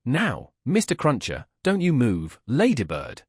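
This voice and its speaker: A man's voice: mid-range voice, huge pitch swings, a little slow, darkish tone, breathy edge, no room sound, studio quality, full character voice. A man voicing a bustling, emphatic middle-aged woman, a loyal governess, in an audiobook.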